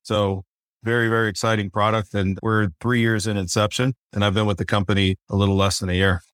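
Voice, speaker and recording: A man talking as a podcast guest, telling his career story in a relaxed way with fillers and restarts. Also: lowish voice, brisk, no room sound, studio quality. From North Carolina. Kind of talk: casual interview.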